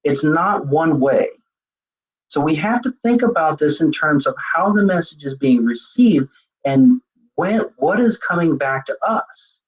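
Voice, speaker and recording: A man's voice: on the high side, animated, a little slow, husky. A man presenting a recorded web seminar on leadership, explaining ideas as he thinks them through. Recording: dull lo-fi web seminar audio.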